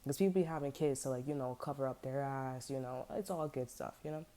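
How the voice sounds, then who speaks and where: A tarot reader with a low, mellow voice chats casually and unscripted, drifting into blunt, profane asides stuffed with "like" and "you know." Her speech has certain features, and she hops between stories before returning to the reading. She talks quickly in a steady tone, with slight background noise.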